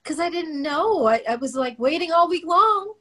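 A woman's voice: very high voice, expressive, normal speed, a bit bright. A middle-aged woman from Oakland, California, telling her story in an interview and animatedly acting out the voices she quotes. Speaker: guest singer.

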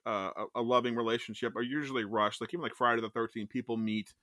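A man co-hosting a casual film discussion, talking in an animated, ranting way and swearing freely. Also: mid-range voice, quick pace, dry recording, clean studio sound. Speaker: podcast co-host.

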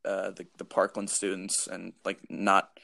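A young man co-hosting a casual podcast, talking in halting, rambling bursts with many restarts. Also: low voice, completely flat delivery, creaky, sharp tone, no echo. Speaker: podcast co-host. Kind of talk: casual chat.

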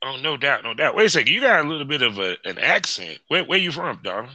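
A man hosting a podcast in a relaxed, chummy way, often repeating his phrases and reading sponsor spots. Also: mid-range voice, fast talker, no echo, poor audio. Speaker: podcast host. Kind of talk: casual podcast chat and sponsor reads.

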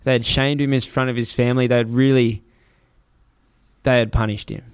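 A young man casually telling a story as a guest, animated and acting out the other people's voices. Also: medium pitch, a little fast, clear, resonant tone, no room sound, studio quality. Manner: animated retelling, acts out the voices in his story.

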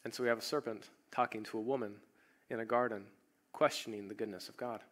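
Bright-voiced male preacher. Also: on the low side, steady tone, fast. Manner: storytelling, acts out quoted voices. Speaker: pastor. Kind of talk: sermon.

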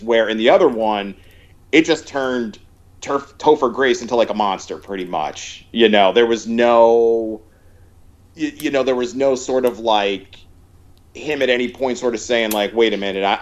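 A podcast co-host with a lowish voice rambles through a casual movie discussion, full of fillers and restarts. The recording is lo-fi with a dull sound.

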